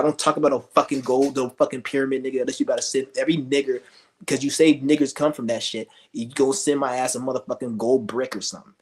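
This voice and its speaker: A male streamer ranting with scorn, rambling and cursing as he goes. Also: medium pitch. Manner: profane, scornful, rambling rants. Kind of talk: ranting commentary.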